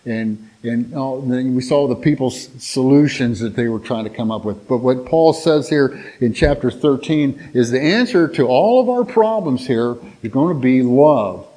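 Man, preacher, folksy conversational sermon, rambling, restarts, mid-pitched voice. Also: expressive, normal speed, hardly any pauses, dark tone, low-quality recording. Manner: folksy, rambling, many restarts and filler words; acts out quoted voices in storytelling.

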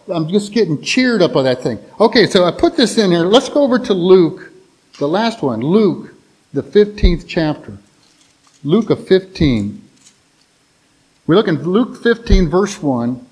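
A man with a slightly higher than average voice gives a casual, folksy sermon. He rambles through a personal story with plenty of restarts and asides, then moves into scripture reading and appeal. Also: big pitch swings, normal speed, a little mellow, rough recording. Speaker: preacher.

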